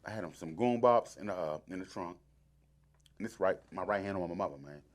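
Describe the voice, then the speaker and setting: A man's voice: deep voice, fairly quick. A man with a D.C. telling a long story in casual talk, acting out the voices of the people in it. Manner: animated, acts out voices in his stories.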